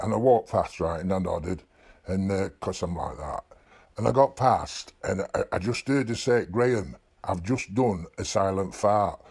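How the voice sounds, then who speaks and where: A man voicing a gravelly Yorkshire animal joker. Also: deep voice, darkish tone, heavily acted. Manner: hesitant, rambling storytelling. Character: an animal telling a rambling joke.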